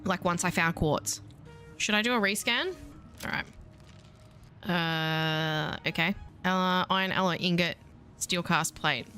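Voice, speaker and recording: A woman's voice: fairly low pitch, takes it slowly, long pauses, pushed and bright, faint music behind. A woman with an Australian accent giving chatty, playful, self-mocking commentary while streaming a video game. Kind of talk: casual let's-play commentary.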